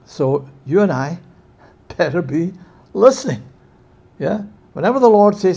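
Gravelly, mellow-voiced male preacher. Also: high-pitched, lively intonation, normal speed. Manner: emphatic, asks the listeners "yeah?" often. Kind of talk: sermon.

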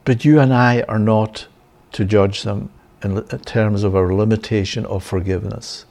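A man's voice: fairly low pitch, steady tone, moderate pace, gravelly, darkish tone. A man giving a sermon-style Bible lesson, often checking in with "yeah?" and "right?" and chuckling. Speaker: Bible teacher.

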